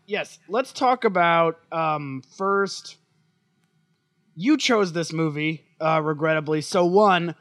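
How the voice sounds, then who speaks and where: A man's voice: on the high side, slow pace, fairly bright tone, dry recording, studio quality. A man co-hosting a casual movie review podcast with a teasing, wry manner. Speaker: podcast co-host.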